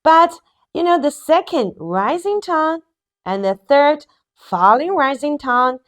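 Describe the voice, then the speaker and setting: A young adult woman with a Chinese accent, a native Mandarin speaker, teaching an online language lesson and slowly drawing out tones for learners to repeat. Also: high-pitched, animated. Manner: slow, drawn-out modelling of tones for repetition.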